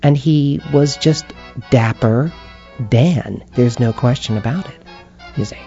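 Brief: expressive woman interviewee, dark mellow tone, slightly dull audio. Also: very deep voice, takes it slowly, soft background music. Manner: expressive, animated, acts out inner voices. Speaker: interview guest. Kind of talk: reflective conversational storytelling.

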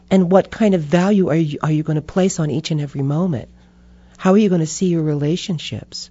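A woman guest in an interview, telling stories in a reflective, animated way and acting out voices. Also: low-pitched, fairly quick, breathy edge, dry recording. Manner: expressive, animated, acts out inner voices. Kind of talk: reflective conversational storytelling. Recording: dull muffled interview audio.

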